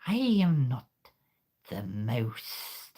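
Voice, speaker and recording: A man voicing a smug, menacing snake that taunts the listener in a low, drawling voice. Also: big pitch swings, very slow, dark tone, breathy edge, full character voice.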